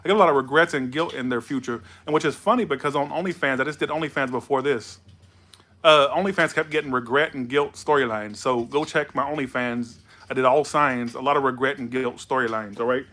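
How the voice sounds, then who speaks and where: A man's voice: mid-range voice, fairly quick, a bit bright. A tipsy man doing a loose, rambling, playful tarot reading. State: tipsy from alcohol. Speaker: tarot reader.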